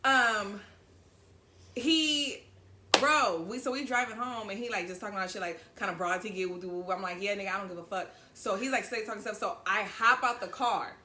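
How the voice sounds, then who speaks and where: A woman from Southern California telling a story in a casual chat, animated and profane, acting out what people said. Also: mid-range voice, moderate pace, roomy sound, a little hiss or hum. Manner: animated, profane, acts out quoted lines.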